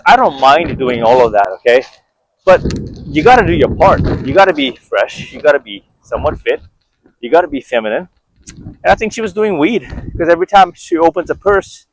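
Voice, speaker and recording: A man's voice: mid-range voice, rough recording. Man, vlogger telling a personal story, conversational, repeats himself, checks in with viewers, faint background hiss. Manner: conversational, repeats words, asks the viewer "right?". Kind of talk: candid personal storytelling to camera.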